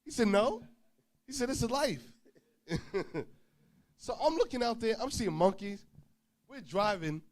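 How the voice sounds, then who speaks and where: In a casual sermon, this preacher recounts a trip and voices both people in the exchange, his volume rising and falling. His pitch is extremely high and animated, and he keeps a measured pace with frequent pauses.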